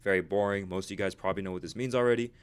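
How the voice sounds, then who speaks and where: Fast-talking low-voiced man teaching. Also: steady tone, clean tone. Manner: fast, chatty, says "right?" constantly. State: out of breath. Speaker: trading instructor. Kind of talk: casual video lesson.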